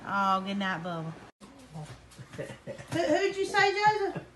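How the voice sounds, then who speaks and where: Soft-spoken woman coaxing her son. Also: high voice, big pitch swings, slow, a little hiss or hum. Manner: soft, coaxing, repeats questions. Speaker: mother caring for her son. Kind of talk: coaxing bedside talk. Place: hospital room.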